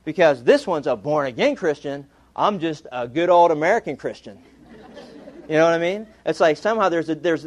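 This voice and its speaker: Guy preaching, jokey storytelling, kinda high voice, lively. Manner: humorous storytelling, animated. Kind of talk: sermon.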